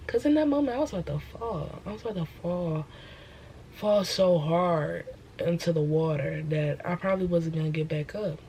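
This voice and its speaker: A woman's voice: on the low side, moderate pace, dark tone, a little hiss or hum, low-quality recording. A young woman host, talking about her faith in an emphatic, preachy way and repeating her phrases. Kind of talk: casual faith talk.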